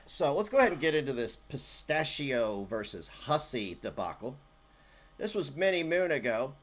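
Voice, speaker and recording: A man rambles through livestream commentary on an old clip, cracking sarcastic jokes and swearing freely. His pitch swings widely from low mutters to high bursts. The tone is loose and casual.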